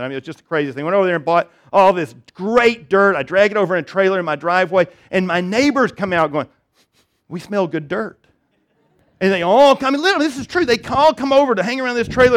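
A man preaching a sermon, telling funny personal stories and building to emphatic appeals. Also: high-pitched. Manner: storytelling, self-deprecating humor, rising emphatic appeals. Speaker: pastor.

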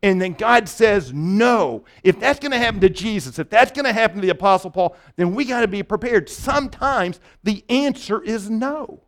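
A man's voice: high voice, animated, a little fast, hardly any pauses. A male pastor preaching a conversational sermon, often restarting phrases and checking in with "right?".

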